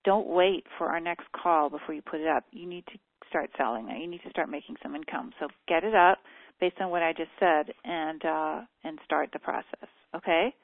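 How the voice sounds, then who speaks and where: Woman coach on a group call, low creaky voice, dry phone sound, lots of ums. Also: moderate pace, no echo. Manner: frank, practical critique with many fillers. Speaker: copywriting coach. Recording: tinny dry phone line.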